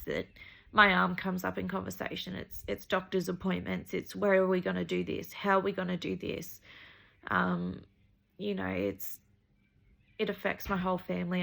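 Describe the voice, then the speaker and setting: An Australian woman talking earnestly in a personal video diary, halting and repeating herself as she goes. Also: fairly low pitch, vocal fry, fairly bright tone. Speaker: vlogger sharing her medical journey.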